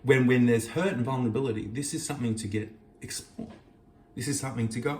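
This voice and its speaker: Speaking quickly in a medium-pitched, slightly mellow voice, the host works through a scripture passage, reading the Hebrew verses aloud and unpacking their meaning. It's an earnest, reflective Torah teaching recorded in a kitchen. Slight background noise, room echo and a distant mic colour the sound.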